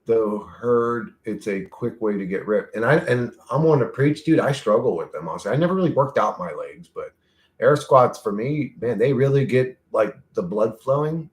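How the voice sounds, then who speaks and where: A man's voice: medium pitch, expressive, normal speed. A man casually chatting on a livestream, reading chat aloud, laughing often and swearing freely as he jumps from topic to topic. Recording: roomy echo.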